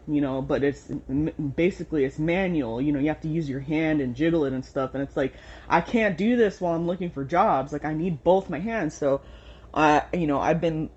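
A woman's voice: low voice, a little mellow. Young woman, casual vlog rant, swears a lot, muffled home recording. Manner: frustrated, swears often, rambling. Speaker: vlogger. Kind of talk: casual venting monologue.

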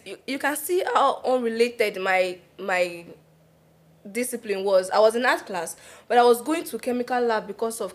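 A young Nigerian woman with a Nigerian accent tells her stories in a lively, laughing way on a casual podcast. Her voice sits a little high, and she drifts into pidgin now and then. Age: young adult. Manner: animated, laughing, slips into pidgin. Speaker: podcast co-host. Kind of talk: casual storytelling chat.

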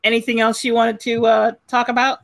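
A woman's voice: on the high side, little pitch movement, a little fast, gravelly, no room sound. A woman from Southern California hosting a live call-in chat show, chatty and profane, often laughing. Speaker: podcast host taking calls.

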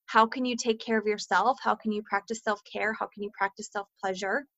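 A woman's voice: mid-range voice, fairly even intonation, fairly quick, a bit bright, dry recording, dull audio. A woman in her thirties speaking candidly to listeners about co-parenting, earnest and full of "like" fillers, swearing freely. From Minnesota, US.

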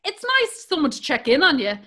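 Irish woman, high bright voice, bawdy casual storyteller. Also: big pitch swings, brisk. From Ireland. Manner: bawdy, laughs through her stories.

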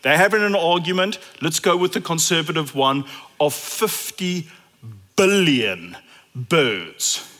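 A man with a South African accent preaching a sermon, animated and repeating phrases for emphasis. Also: on the high side, slow pace. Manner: animated, acts out imagined dialogue in different voices.

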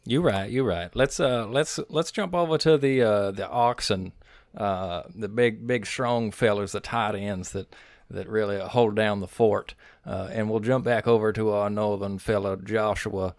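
A man with a lowish voice co-hosting a podcast, measured and mock-formal in his replies. The recording is close and dry, with no room sound. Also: no echo. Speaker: podcast co-host. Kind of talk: casual podcast banter about fantasy football.

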